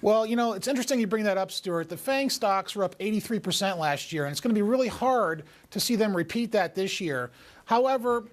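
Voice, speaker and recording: A man's voice: sits high, expressive. A man appearing as a guest financial advisor, giving careful, hedged stock opinions. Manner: measured, hedging answers. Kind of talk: remote TV interview.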